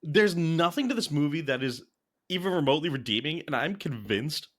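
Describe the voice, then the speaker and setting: A man with a fairly high voice co-hosts a casual movie-review chat, piling on sarcastic, rambling mockery full of "like"s. His delivery is loose and conversational. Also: animated, fairly quick, fairly bright tone. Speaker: podcast co-host.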